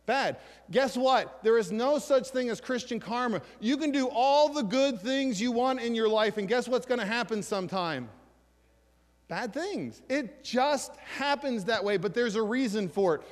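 Male pastor, fairly high voice, lively sermon delivery with questions to the room; hall reverb. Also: measured pace. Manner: animated preaching, reads scripture aloud, asks the congregation questions.

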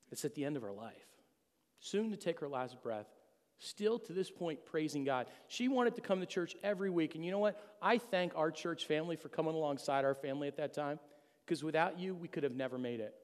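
A man's voice: a little high, a little mellow. A middle-aged man giving an earnest, emotional personal testimony to a church congregation. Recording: long hall reverb.

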